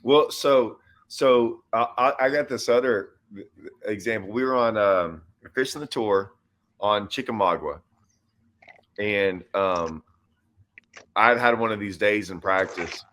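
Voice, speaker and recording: A man hosting a casual chat as a pro bass angler, telling a long story and acting out quoted lines with animated voices. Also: slow pace. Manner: animated storyteller who acts out his own and others' quoted lines. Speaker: host and professional bass angler.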